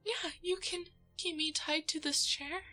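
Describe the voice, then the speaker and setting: Captive girl, voiced by a woman, audio drama; high bright voice, slow delivery, stammers. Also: fairly even intonation, soft background music, full character voice. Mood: pleading, placating. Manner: whispery, breathless and stammering. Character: frightened young woman held captive. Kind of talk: audio drama role-play.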